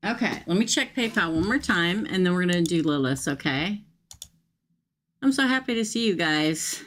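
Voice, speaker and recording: A woman's voice: lowish voice, animated, normal speed, fairly bright tone. A middle-aged woman hosting a live-streamed tarot reading, chatty and emphatic, often checking in with her viewers. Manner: chatty and emphatic, frequent "okay?" asides.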